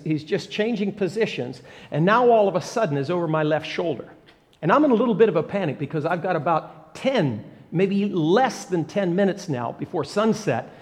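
A man preaching and telling a story, animated, often repeating words and bursting into excitement. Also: high-pitched, in a large hall. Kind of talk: sermon storytelling.

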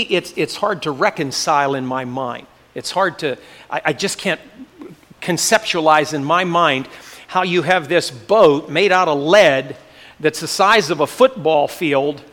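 A man's voice: fairly high pitch, a bit bright, in a large hall. An older man preaching a sermon as pastor, earnest and building to fervent emphasis. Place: church sanctuary.

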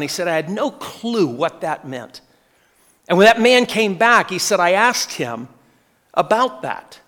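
A man's voice: high voice, sing-song, a little slow, fairly bright tone. A man preaching, telling a story in earnest, repeating key phrases and quoting the people in it. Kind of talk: sermon storytelling. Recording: long reverb of a large hall.

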